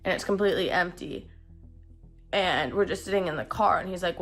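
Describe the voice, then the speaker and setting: A woman's voice: fairly low pitch, fast, a bit bright, faint music behind. A young woman recounting a personal story in a chatty way, full of "like" and "um". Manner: chatty, peppered with "like" and "um". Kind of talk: casual storytelling.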